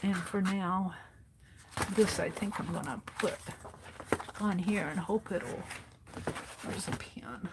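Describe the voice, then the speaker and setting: Female craft streamer, unhurried, half-talking to herself, noisy desk recording. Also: lowish voice. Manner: chatty, talking to herself while tidying and sewing. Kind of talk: casual craft livestream chat.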